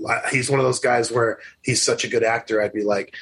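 A man's voice: mid-range voice, fairly even intonation, a little fast, few pauses, fairly bright tone, a little hiss or hum, low-quality recording. A man co-hosting a podcast in casual chat. He rambles, restarts often, and laughs easily. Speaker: podcast co-host.

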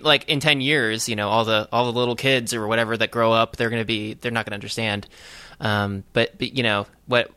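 A man hosting a podcast, chatting casually in a halting, sardonic way with many restarts. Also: mid-range voice, sharp tone, dry recording. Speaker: podcast host. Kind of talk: casual chat.

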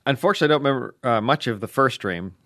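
An easygoing male co-host reads listener emails aloud in casual chat. His voice is mid-pitched, and the sound is dry and close. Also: lively intonation, fairly bright tone, no echo. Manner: easygoing, quick agreeing interjections. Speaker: podcast co-host.

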